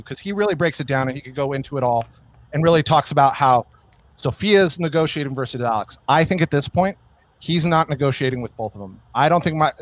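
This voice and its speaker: A man co-hosting a podcast, talking in casual chat with lots of hesitations and restarts. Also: on the high side. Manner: hesitant, frequent restarts and fillers. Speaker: podcast co-host.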